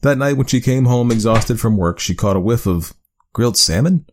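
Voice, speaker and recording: A man narrating a spooky storybook tale with a measured, expressive reading. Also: mid-range voice, a little hiss or hum.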